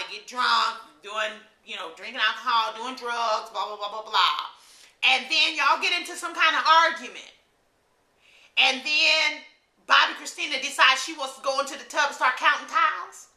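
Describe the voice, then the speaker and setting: Sassy, blunt woman with a high, bright voice. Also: reverberant. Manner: blunt, sassy, cusses, talks back to absent people. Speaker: podcast host. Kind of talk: opinionated commentary.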